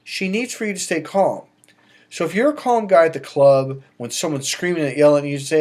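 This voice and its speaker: A middle-aged man, a dating coach, giving emphatic advice straight to camera, swinging between loud bursts and quiet asides. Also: fairly high pitch, animated, a little fast. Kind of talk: direct-to-camera advice monologue.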